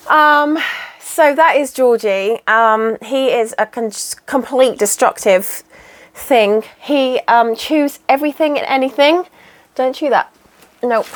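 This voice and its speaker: A woman talking casually to camera, rambling with many fillers and restarts, who turns to high sing-song baby talk when she speaks to her pet goat. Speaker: craft vlogger. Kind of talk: casual chat.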